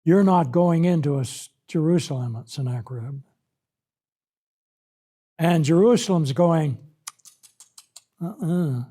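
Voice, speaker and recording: Preacher guy teaching scripture, high mellow voice, slow and emphatic. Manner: slow, emphatic, rises loud when voicing God. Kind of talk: sermon, Bible lesson.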